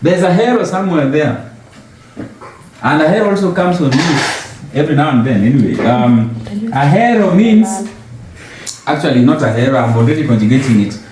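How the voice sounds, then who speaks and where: A man's voice: on the high side, expressive, a little fast, darkish tone, slight background noise. A man giving an informal language lesson, patiently asking questions and repeating words for his learner. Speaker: language teacher. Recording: very echoey room.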